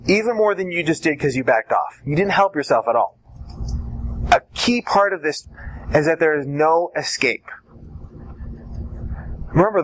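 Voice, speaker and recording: A man's voice: a little high, a bit bright, low-quality recording. Man coaching debate, acting out exchanges. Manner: wry, acts out quick back-and-forth exchanges. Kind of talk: instructional talk with acted examples.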